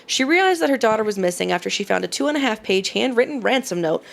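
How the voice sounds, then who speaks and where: Woman podcast cohost, dry teasing delivery, gravelly edge. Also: a little high, lively intonation, fast. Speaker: podcast co-host. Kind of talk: casual chat, reading case notes.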